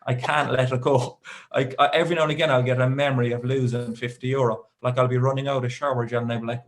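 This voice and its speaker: Young Irish male stand-up, mid-pitched, rambling and self-deprecating, deadpan asides. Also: quick pace. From Ireland. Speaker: stand-up comedian. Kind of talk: stand-up storytelling. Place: live comedy show with audience.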